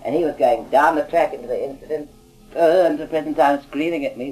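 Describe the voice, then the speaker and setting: A man with a mellow mid-range voice talks fast about his former auditing job, rambling anecdotally and frequently adding "you see." Faint music plays in the background of this low-quality recording.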